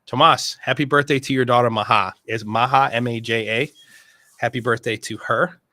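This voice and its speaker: A man's voice: mid-range voice, fairly even intonation, normal speed, pushed and bright, no echo. A middle-aged man hosting a casual livestream, talking in an earnest, rambling way full of asides. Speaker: host.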